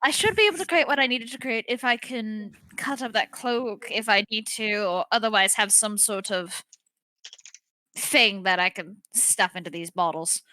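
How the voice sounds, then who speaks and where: A woman's voice: mid-range voice, moderate pace, pushed and bright, no room sound. A woman playing in a tabletop game, talking eagerly and laughing often. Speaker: player.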